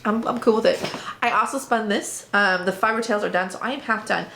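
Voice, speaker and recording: A woman's voice: mid-range voice, brisk, fairly bright tone, a little hiss or hum. A woman hosting a knitting and spinning podcast, chatting casually and playfully as she shows her projects to viewers. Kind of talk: casual show-and-tell chat.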